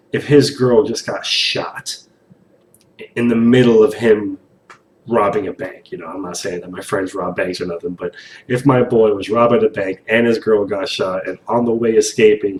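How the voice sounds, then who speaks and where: A young man in casual reaction commentary while painting, animated, rambling and swearing a lot, recorded on a distant mic in an echoey room with faint hiss. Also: on the low side. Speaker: reaction video host.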